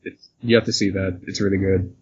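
Husky jokey man on a podcast. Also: deep voice, level tone, a little fast, a little mellow, highs cut off. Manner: jokey, slips into silly put-on accents while reading. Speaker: podcast co-host. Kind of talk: casual chat, reading listener mail.

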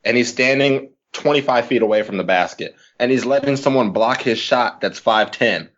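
A man in a casual gaming chat, telling an excitable story about losing his temper. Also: medium pitch, normal speed. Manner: excitable storyteller, rising to loud yelling. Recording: dull lo-fi sound.

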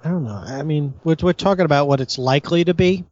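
A man with a slightly raised pitch hosts a casual gaming podcast. He stumbles through restarts and keeps the talk loose. The audio sounds muffled and lo-fi. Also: a little mellow, no room sound. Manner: halting, restarts often, laughs easily.

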